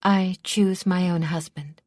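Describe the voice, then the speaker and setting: A woman's voice: lowish voice, steady tone, slow, a little mellow, no echo, studio quality. A woman playing a demure, ambitious princess. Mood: scheming. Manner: demure yet calculating. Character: ambitious scheming princess, young adult.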